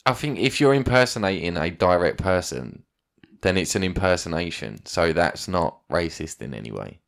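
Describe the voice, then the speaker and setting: Deep-voiced man co-hosting. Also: expressive, moderate pace, gravelly. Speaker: podcast co-host. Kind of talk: casual podcast banter.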